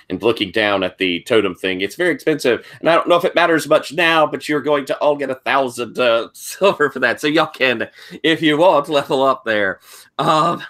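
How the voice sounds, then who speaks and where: A man running a tabletop game as game master, slowly describing scenes with frequent pauses and restarts. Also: mid-range voice, a bit bright.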